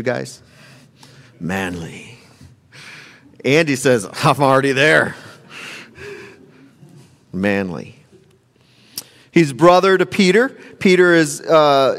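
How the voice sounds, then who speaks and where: A man, a pastor, giving a conversational sermon, animated and repeating his phrases. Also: a little high. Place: church sanctuary. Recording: long reverb of a large hall.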